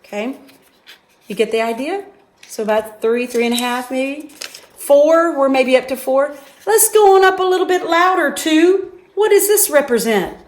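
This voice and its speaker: A woman teaching a children's music lesson, slowly sounding out terms and singing examples at different volumes. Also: high-pitched. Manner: slow, clearly enunciated teaching voice. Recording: echoey room.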